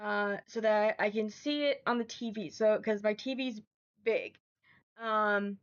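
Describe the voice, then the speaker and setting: A woman's voice: mid-range voice, a little slow, muffled recording. A woman streaming from home, flustered and apologetic, filling her talk with ums while she fixes her setup. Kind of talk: casual live-stream talk.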